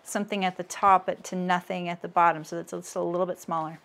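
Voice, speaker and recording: A woman in her thirties hosts a casual sewing livestream, chatting with viewers and laughing at her own jokes while she works. Her voice is lowish, creaky and a bit bright, with a flat, fast delivery.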